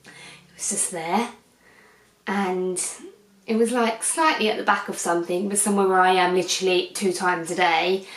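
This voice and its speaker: A woman's voice: lowish voice, fairly even intonation, moderate pace. A young woman in her twenties chatting casually in a beauty vlog, rambling and often drifting off topic as she sits on her sofa at night. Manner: rambling, keeps digressing. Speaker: beauty vlogger. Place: living room, on a sofa, at night under a harsh light. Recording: echoey indoor room.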